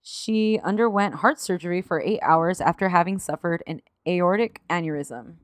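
A woman's voice: fairly low pitch, moderate pace, dry recording, clean studio sound. Swearing, emotional woman podcast co-host. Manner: emotional, swears freely, laughs through tears. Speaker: podcast co-host telling the main story. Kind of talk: casual chat, partly read narration.

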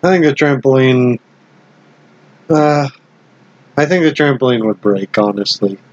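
A man's voice: mid-range voice, animated, a little slow, dry recording, dull audio. Easygoing man chatting on a podcast. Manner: easygoing, laughs while retelling scenes. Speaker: podcast co-host. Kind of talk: casual episode recap chat.

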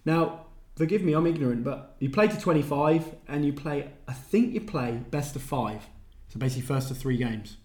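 A man's voice: fairly high pitch, normal speed, darkish tone. A man co-hosting a casual sports chat, reading out results with a self-deprecating, chatty manner. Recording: echoey room.

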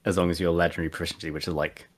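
A man's voice: deep voice, flat delivery, racing, slightly rough. A man chatting casually as a podcast co-host and tabletop player, rambling with many fillers and restarts. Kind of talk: casual chat.

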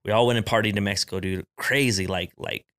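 A man with a fairly low voice recounts a wild night out in a podcast chat. He talks loosely, sprinkling in bro and dude, and rushes through some stretches. The sound is dry and close, with no room around it. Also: steady tone, a bit bright, dry recording. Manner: laid-back storyteller, loose with slang like bro and dude. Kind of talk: casual storytelling chat.

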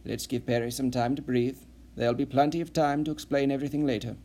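A cold, composed intelligence official who keeps his voice soft and gives nothing away, as a male narrator plays him. The tone is warm and mellow, close to the narrator's own voice. He sounds calm and evasive. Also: mid-range voice, fast, close to an everyday voice.

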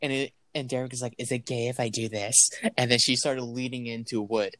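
A man's voice: mid-range voice, flat delivery, a little fast, fairly bright tone, dry recording. A young man, a podcast co-host, rambling through a funny story in casual chat, quoting his friends and often breaking into laughter. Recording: noisy home recording.

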